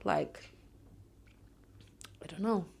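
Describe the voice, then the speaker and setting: A young woman hosting a solo podcast, telling stories in a blunt, profane, ranting way. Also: extremely slow. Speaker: podcast host. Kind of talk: casual solo podcast monologue.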